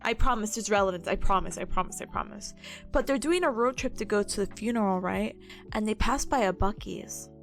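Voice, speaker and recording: A woman's voice: medium pitch, a little fast, soft background music. A woman streaming and chatting casually, telling stories in a bubbly, giggly way. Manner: giggly, bubbly storytelling, frequent laughter.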